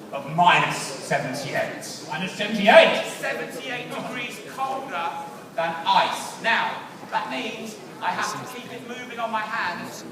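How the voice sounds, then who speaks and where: A man's voice: high-pitched, background noise. An English man presenting a live science show on stage, playful and teasing with a theatrical flair, on a handheld mic. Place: large hall stage before an audience. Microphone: handheld microphone. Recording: echoey hall from far off, crowd. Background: audience murmur.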